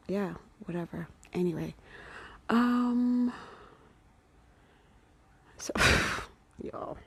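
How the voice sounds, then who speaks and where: A woman's voice: lowish voice, fairly even intonation, unhurried, darkish tone. A woman talking casually to her followers, chatty and rambling, often dropping into whispered asides. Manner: chatty and rambling, with playful greetings. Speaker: vlogger.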